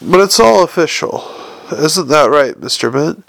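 A patient old foreman with a gravelly, working-class way of speaking, put on by a male audiobook reader. He lays everything out slowly, as if explaining to a child, in a dry, close recording. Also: on the high side, animated, no room sound. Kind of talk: audiobook character voice.

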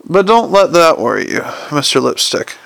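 An excitable, long-winded inventor gushes about his machine, as a man puts him on in a raised, slightly gravelly voice. He lectures at length and stumbles over his own words. The sound is dry and close, like an audiobook booth. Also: fairly high pitch, moderate pace, dry recording, exaggerated voice. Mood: eager. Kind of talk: audiobook character voice.

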